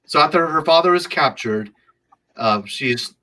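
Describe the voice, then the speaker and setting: Podcast co-host, male, bright forceful tone, nervous reader with lots of restarts. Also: fairly high pitch, lively intonation, measured pace, poor audio. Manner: stumbling with many restarts, nervous. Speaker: podcast co-host reading the synopsis. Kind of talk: casual chat, reading a plot summary aloud.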